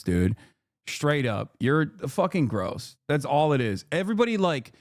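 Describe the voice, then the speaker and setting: Heard at studio quality with no room sound, a man with a mid-range voice streams a reaction video as casual commentary. He rants heatedly with profanity and indignant rhetorical questions.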